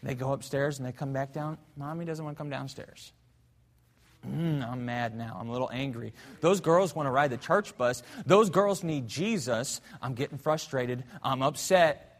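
A man preaching a sermon as pastor in a church, telling a story fervently, swinging between loud and hushed. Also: medium pitch, normal speed, hardly any pauses, big-room sound. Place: church sanctuary.

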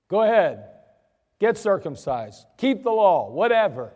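A man's voice: high voice, animated, normal speed, a little mellow. A man preaching a sermon as pastor, emphatic, acting out the voices he quotes. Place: church sanctuary. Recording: church sanctuary with long reverb.

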